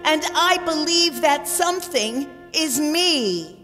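A woman's voice: sits high, lively intonation, slow, voice pushed up. A woman voicing an earnest little duckling girl. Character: young misfit duckling girl, earnest and hopeful. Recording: long reverb, faint background music.

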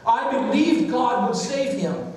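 A woman's voice: on the high side, sing-song, slow pace, a little mellow, pitched above the performer's own voice. A man voicing a grieving widow in her fifties, retelling her words within a story. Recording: echoey church hall, distant mic.

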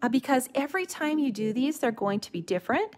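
With a high voice and quick pace, a middle-aged woman walks viewers through a watercolor stamping technique in a live craft session. She keeps it relaxed and gently instructive, though she often starts sentences over.

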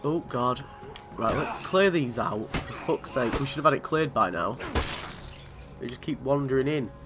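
A man's voice: mid-range voice, animated, moderate pace, over music. A man from commentating on a video game in a chatty, sweary way, often laughing. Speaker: gaming channel host.

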